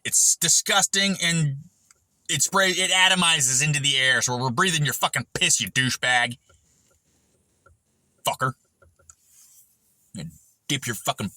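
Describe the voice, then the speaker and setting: Middle-aged male machinist, foul-mouthed ranter, very bright, slightly high voice, dry close sound. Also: dry recording. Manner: crude, ranting, swears constantly, jumps between tangents. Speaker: machinist vlogger. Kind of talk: profane rambling monologue.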